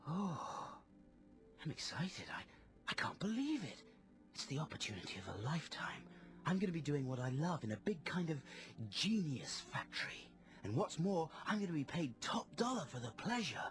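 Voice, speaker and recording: A man's voice: on the high side, wildly swooping pitch, normal speed, long pauses, whispered, over music. A man playing a giddy young male slacker genius in a comedy radio sketch, breathless and eager with rising exclamations.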